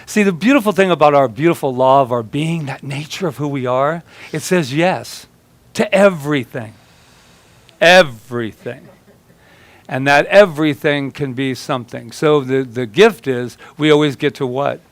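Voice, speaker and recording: A man's voice: fairly high pitch, moderate pace, no room sound. A man preaching a conversational sermon at a church service, telling stories in a chatty, joking way and laughing as he talks. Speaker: minister.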